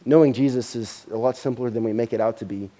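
A pastor preaching a sermon, telling a story in an animated way that grows loud at its dramatic moments. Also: male voice, mid-range voice, fast.

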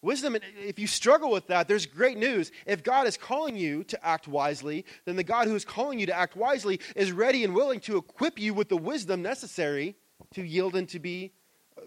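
High-voiced pastor preaching in a dry room. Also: male voice, expressive, fairly quick, no room sound. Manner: conversational preaching, swings from soft asides to loud emphatic stretches. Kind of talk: sermon. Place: church.

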